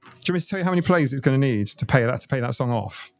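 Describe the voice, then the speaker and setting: A British man hosting a casual live stream from his home. He rambles and keeps breaking into giggles, and his voice sits at a medium pitch. Faint music plays in the background. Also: lively intonation, racing, vocal fry. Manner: giggly, chatty, laughs often, rambling. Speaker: livestreamer. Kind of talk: casual livestream chat.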